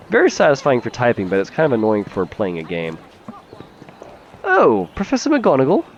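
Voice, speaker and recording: A man's voice: mid-range voice, lo-fi sound, a little hiss or hum. A man giving casual, chatty gameplay commentary as a let's play host, swearing freely and laughing easily.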